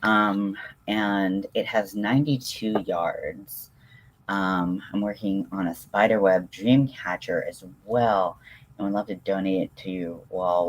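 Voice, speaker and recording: A man hosting a casual crafting livestream, reading chat and reacting with excitable gushing between lots of ums and restarts. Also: fairly low pitch, takes it slowly.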